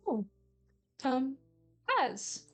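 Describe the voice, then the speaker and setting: A woman's voice: sits high, very animated, very slow, faint music behind. Casual woman running a tabletop game. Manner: casual, laughing, searching for words. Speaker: game master.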